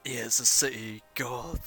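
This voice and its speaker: A man with a medium-pitched, sharp-toned voice runs a tabletop game. On a break, he chats casually, rambling through a story full of swearing.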